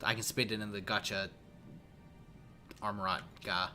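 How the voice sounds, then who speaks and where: A man's voice: lowish voice, level tone, normal speed, pushed and bright. A man co-hosting a casual gaming podcast, chatting and teasing in a rambling way with plenty of fillers. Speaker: podcast co-host. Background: faint background music.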